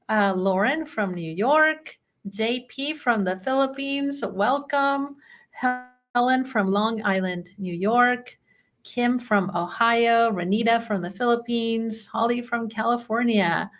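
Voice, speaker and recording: An effusive, chatty woman with a Chilean accent opens a live online webinar as its trainer and host. She sits at an ordinary middle pitch and runs through the attendee list by name with easy, friendly energy. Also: a bit bright. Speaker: bookkeeping trainer hosting a webinar.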